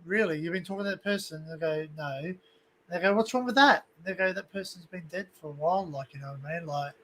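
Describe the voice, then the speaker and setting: A man's voice: sits high, fast talker, a bit bright. An Australian man hosting a livestream, telling a personal story candidly and emotionally, swearing freely. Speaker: livestream host. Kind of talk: casual chat.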